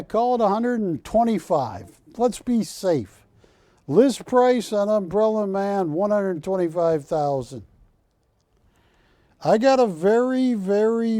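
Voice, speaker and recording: A man hosting a live shopping channel, pitching art to callers with persuasive repetition. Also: warm tone, no echo. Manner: persuasive, repeats words for emphasis. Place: TV studio.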